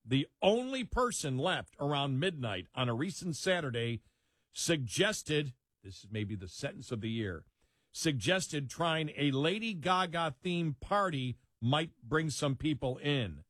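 A man's voice: fairly high pitch, big pitch swings, unhurried, fairly bright tone, dry recording, studio quality. A man co-hosting a talk show, reading a news story aloud with quoted passages and laughing asides. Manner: reads with frequent laughter and asides.

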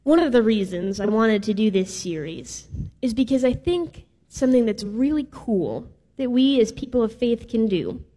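A woman's voice: on the high side, animated, normal speed, few pauses, mellow. A woman preaching a sermon in a casual, playful way with some filler words. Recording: reverberant hall.

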